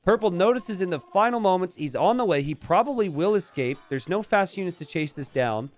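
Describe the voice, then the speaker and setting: Male game caster, slightly high voice, playful banter that spikes into excited yelling. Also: brisk. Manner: chatty, jokey, bursts into excited shouts and laughter. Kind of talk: live strategy game commentary.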